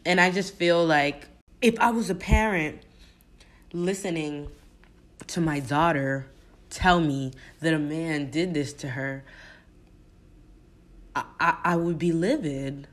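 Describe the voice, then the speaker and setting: Young female podcast host, low voice, unhurried, blunt and impassioned, swears freely. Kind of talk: solo podcast monologue.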